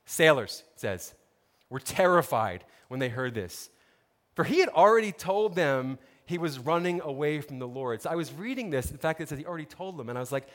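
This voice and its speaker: Animated male preacher in an echoey hall. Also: a little high, normal speed. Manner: animated storytelling, conversational asides. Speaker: pastor. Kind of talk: sermon.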